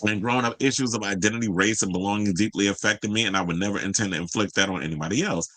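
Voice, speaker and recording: In a racing, sharp-toned voice, a male host delivers unscripted celebrity gossip, reading the news and then tearing into brash, profane, sassy rants punctuated by high exclamations. The recording is dry and the audio poor.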